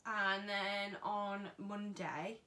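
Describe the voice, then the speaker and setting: A woman's voice: mid-range voice, level tone, drawn-out words, sharp tone, distant mic. A young woman telling a personal story to camera in a chatty way, acting out what others said. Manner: chatty, acts out what people said. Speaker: vlogger. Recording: echoey room, voice a bit off-mic.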